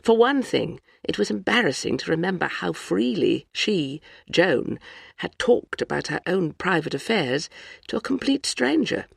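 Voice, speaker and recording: An audiobook narrator reads in a measured, even way. The voice has a gravelly, creaky texture. It is recorded dry and close, with no room echo. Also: mid-range voice. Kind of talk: scripted narration.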